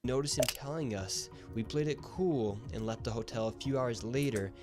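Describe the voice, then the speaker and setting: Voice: medium pitch, normal speed. A narrator telling a travel documentary story in a scripted, tense way. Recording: narration over loud music.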